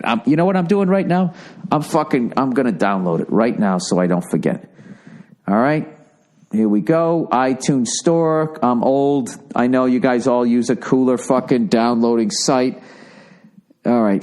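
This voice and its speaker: A man in his forties hosts a casual solo podcast, his mid-range, darkish voice animated at a normal speed. He goes on rambling, sarcastic tangents peppered with profanity.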